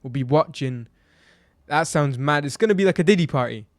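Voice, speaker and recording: A man's voice: a little high, animated, fairly quick, no room sound. A man giving a blunt, exasperated football match review, ranting and firing off rhetorical questions. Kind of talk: opinionated match review vlog.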